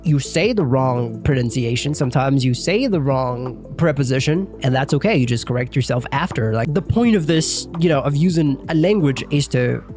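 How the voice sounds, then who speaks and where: A man's voice: mid-range voice, animated, moderate pace, hardly any pauses, a little mellow, soft background music. A young man giving a casual English lesson, talking loosely with lots of fillers and the odd swear word. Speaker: English teacher.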